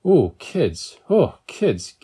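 A man's voice: mid-range voice, expressive, a little fast, warm tone. Man voicing a drawling, boozy young guy, mocking, storybook read-aloud.

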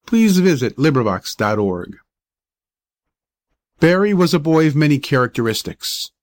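A man reads a novel aloud at an even, steady pace. His voice sits at a middle pitch and sounds close and dry. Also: no room sound. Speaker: audiobook reader. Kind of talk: audiobook narration.

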